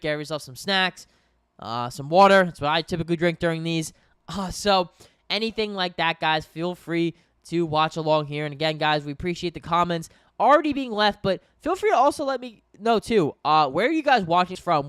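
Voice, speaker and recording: A young man commentates a game live for his stream, a bit tired and yawning. His voice sits a little high and sounds smooth and clear. The recording is dry and close. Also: a bit bright, no room sound. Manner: conversational, addresses viewers as guys. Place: home in New York.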